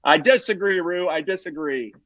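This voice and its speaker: A man as a guest in a casual podcast chat, opinionated and playful with quick asides. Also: high voice, fairly bright tone, no room sound, highs cut off.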